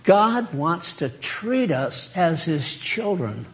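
In an informal sermon, a man preaches in a folksy, conversational style, addressing listeners directly and laughing easily. His fairly high voice is sing-song and fairly bright, and he never hurries.

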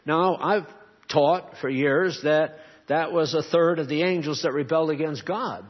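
Husky male preacher, earnest sermon, quizzes his flock, muffled lo-fi tape. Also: a little high, moderate pace. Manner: earnest preaching, rhetorical questions to the congregation. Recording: dull lo-fi recording.

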